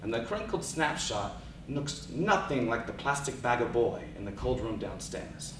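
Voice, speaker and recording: A man giving a dramatic oral interpretation of poetry, slow and theatrical, dropping to hushed lines and rising to loud cries. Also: mid-range voice, big pitch swings, noisy background. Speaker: speech and debate competitor. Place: large event hall. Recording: echoey hall recorded from far off.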